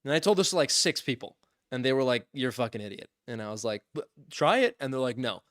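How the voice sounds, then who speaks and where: A young man casually telling a funny story on a podcast, lively, acting out what others said and laughing often. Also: medium pitch, fast talker, no room sound, clean studio sound. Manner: animated, acts out quotes in voices, laughs often. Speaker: podcast co-host.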